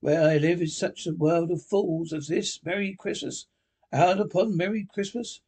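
A man voicing a bitter, miserly old man who speaks in a curt, cold, indignant way, with a husky voice. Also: a little high, steady tone, normal speed, darkish tone.

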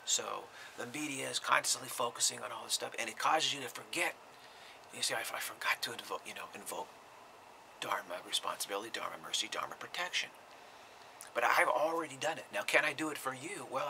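Man, spiritual teacher, gravelly voice, sharp tone, informal talk, frequent whispers, halting repetitions. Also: medium pitch, slight background noise, poor audio. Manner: often drops to a breathy whisper, halting repeated words.

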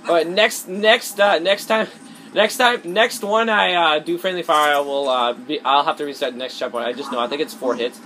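A man's voice: on the high side, moderate pace. A man giving rambling, self-conscious gameplay commentary, swearing often as he plays. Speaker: let's play gamer. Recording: noisy with game audio. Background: loud gunfire and game sounds.

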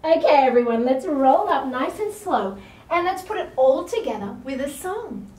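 Very high-voiced, lively yoga teacher. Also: female voice, moderate pace. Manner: encouraging, playful, makes animal sounds. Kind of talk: guided yoga class for young children. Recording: roomy sound from a distant mic.

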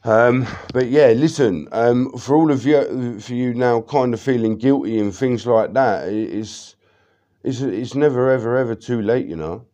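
A man's voice: medium pitch, measured pace, dark tone. A man, rambling through a personal monologue full of swearing and fillers. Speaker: vlogger.

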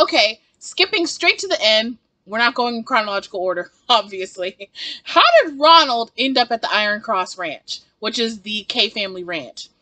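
A woman's voice: fairly high pitch, sharp tone, no room sound. A woman giving a casual reaction review of a TV episode, ranting in exasperation and laughing often.

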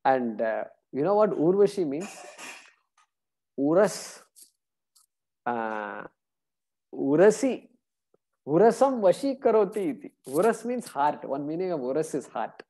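A scripture teacher in a relaxed class lecture, with a warm, mellow tone at a middle pitch. The talk moves between retelling a story and chanting verses, broken up by fillers like "uh" and "you know". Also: measured pace, pauses often.

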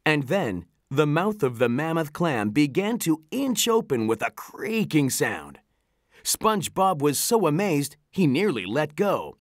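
An animated storybook narrator with a lively, rising and falling delivery. The reading sounds close and dry, with no room around it. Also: mid-range voice, measured pace, no echo. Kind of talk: storybook read-aloud.

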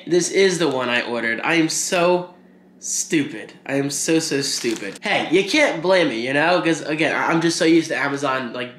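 Bright-voiced man chatting casually. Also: a little high, slight background noise. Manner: rambling, self-deprecating, chatty. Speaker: vlogger. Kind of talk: casual daily vlog chat.

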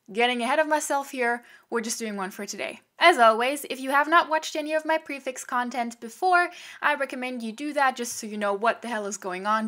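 A young woman with a slightly high, bright, forceful voice talks through a language lesson. Her delivery is chatty and lively, full of quick asides to the viewer. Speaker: language teacher. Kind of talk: casual video lesson.

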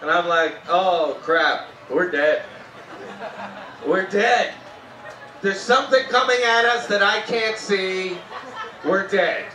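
A Canadian man performing a live stand-up set, telling animated stories about his wife and jumping into sudden high-pitched shouts when he mimics her. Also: slow, pauses often. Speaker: stand-up comedian. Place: outdoor festival comedy tent. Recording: roomy live sound from a distance. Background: audience laughter and faint music.

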